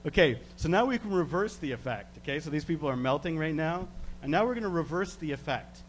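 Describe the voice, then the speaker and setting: A man from Canada, working as a stage hypnotist, giving slow, soothing suggestions and chuckling between them. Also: fairly high pitch, animated, slight background noise. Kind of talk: live hypnosis demonstration.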